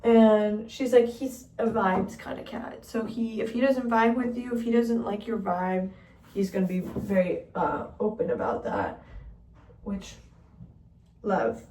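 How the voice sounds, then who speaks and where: A woman's voice: medium pitch, measured pace, warm tone, slight background noise. A young woman vlogging in a casual chat, rambling through a story and filling it with "like". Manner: chatty, heavy use of "like", rambling storytelling. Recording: roomy sound from a distance.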